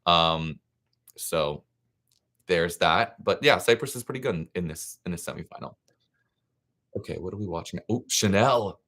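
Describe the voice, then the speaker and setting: A young man hosting a live reaction stream, chatty and excitable, giving frank opinions in a scattered, casual way. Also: low-pitched, moderate pace, long pauses. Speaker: livestream reaction host.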